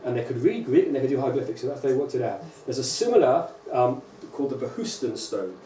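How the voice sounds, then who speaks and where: A man, a rabbi, giving a lively conference lecture to teachers and often checking in with "right?" and "okay?". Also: medium pitch, fast. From England. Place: large lecture hall. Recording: echoey hall, distant mic, faint hum.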